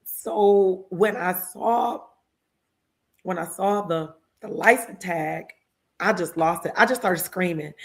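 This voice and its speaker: A woman guest in an interview, telling stories in a heartfelt, animated way and acting out other people's lines. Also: lowish voice, measured pace. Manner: heartfelt and emotional, with religious exclamations. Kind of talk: conversational storytelling interview.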